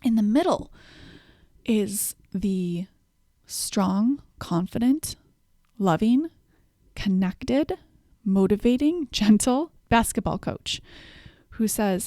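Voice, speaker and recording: A woman's voice: medium pitch, expressive, slow, long pauses, dark tone, no room sound, studio quality. A woman hosting a self-help podcast, walking through numbered tips in an encouraging coaching tone. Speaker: podcast host.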